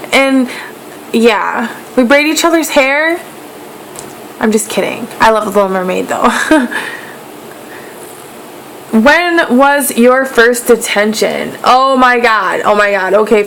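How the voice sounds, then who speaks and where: A woman's voice: on the high side, a little hiss or hum, rough recording. Chatty young woman, swears casually. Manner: chatty and animated, with frequent "like" and "um"; swears casually while telling stories. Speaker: beauty vlogger. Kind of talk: casual chat.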